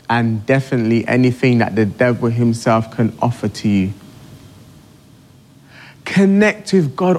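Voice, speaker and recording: A middle-aged man preaching a sermon with emphatic, repetitive exhortation. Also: medium pitch.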